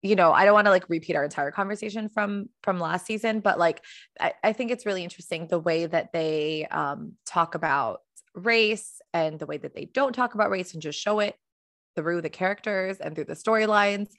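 A woman's voice: lowish voice, brisk, fairly bright tone, no echo. A woman co-hosting a podcast in casual chat, talking in a chatty, wandering way and often correcting herself mid-sentence. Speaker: podcast co-host.

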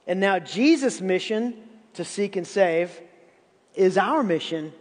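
A pastor in his fifties preaches in a church sanctuary, emphatic and often repeating words to hammer his point home. His voice sits high, his pace is measured, and the sound trails off in a long reverb.

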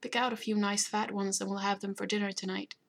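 A woman voicing a calm, commanding alien male emperor who speaks formally without contractions. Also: medium pitch, fast talker, gravelly. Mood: composed.

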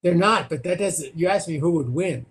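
Older guy guest spinning campaign stories, bit high voice, repeats himself a lot. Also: moderate pace. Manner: animated, repeats words and restarts, acts out quotes. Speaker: guest, former political candidate. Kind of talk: anecdotal storytelling in conversation.

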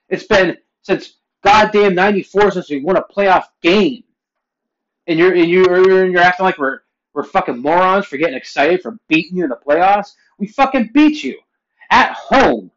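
A man in his forties from Pennsylvania, ranting casually and profanely to his viewers, his voice growing loud and heated. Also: dull audio. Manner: profane, heated ranting that climbs louder and higher. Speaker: vlogger. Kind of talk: casual rant to camera.

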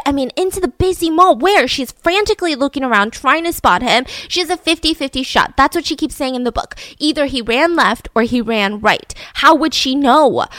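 A woman hosting a podcast, telling a true-crime story in a casual, animated way, full of "like" and "right?" asides. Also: high voice, no room sound. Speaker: podcast host.

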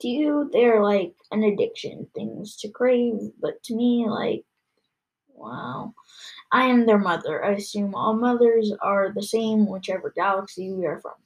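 A towering reptile alien mother, bitter and proud, speaking in a cold, clipped, scornful way, as a woman reading aloud puts her on. Her voice sits in an ordinary middle pitch, read from a storybook. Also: a little slow, a little mellow, lightly acted, low-quality recording. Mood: warmer, pleading.

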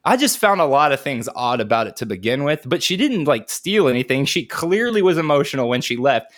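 A man's voice: mid-range voice, big pitch swings, a little fast, fairly bright tone. A man in his thirties telling stories in a casual, laid-back chat, swearing freely and chuckling as he goes. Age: 30s.

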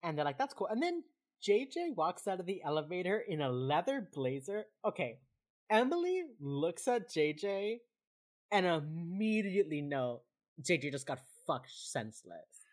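A woman's voice: on the low side, sing-song, measured pace. A woman co-hosting a casual chat about a TV episode, acting out the characters' lines and swearing freely. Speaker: podcast co-host.

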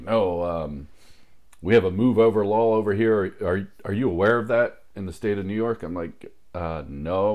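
A man with a very low, deep voice tells a long story in casual chat. He swears freely and acts out what everyone said. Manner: profane, animated anecdote-telling with quoted dialogue.

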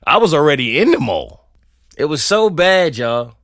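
A man on a podcast rants in a comedic way, his pitch sitting a little high and swinging widely as he goes. He laughs often and swears freely. The recording is close and dry, with no room sound. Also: sing-song, normal speed, a bit bright, no room sound. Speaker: podcast host. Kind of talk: comedic rant.

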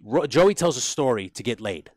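A man's voice: medium pitch, expressive, moderate pace, a little mellow, no echo. A man hosting a podcast, retelling stories in a rambling, profane, casual chat.

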